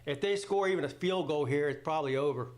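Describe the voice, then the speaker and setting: A man talks through a football game live, rambling and getting excited over each play, with a voice that sits a little high. He swears casually as he goes, and his mic picks up a roomy, echoey space around him. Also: fast talker. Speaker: live reaction host. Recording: roomy echoey home setup.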